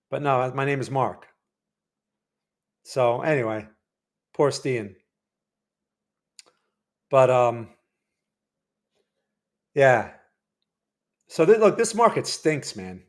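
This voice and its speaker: A man's voice: mid-range voice, animated, slow, long pauses. A man hosting a live day-trading stream, chatty and rambling as he comments on trades and quizzes his chat. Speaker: day trading livestream host.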